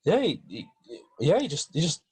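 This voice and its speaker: A man's voice: on the high side, wildly swooping pitch, normal speed, a little mellow, slightly rough. A man co-hosting a casual football podcast, hesitant with many fillers and restarts. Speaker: podcast host.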